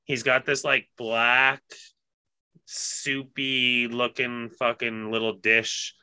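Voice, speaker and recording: A man's voice: medium pitch, level tone, slow pace, sharp tone, smooth, no echo, rough recording. A man co-hosting a podcast, telling anecdotes in casual, profane chat. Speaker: podcast co-host.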